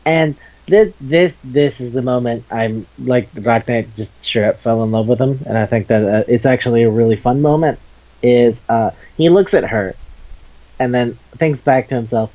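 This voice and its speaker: A man chatting casually as a podcast host, retelling a manga story in an animated, profane way, acting out the characters' lines and laughing often. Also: medium pitch, moderate pace, lo-fi sound.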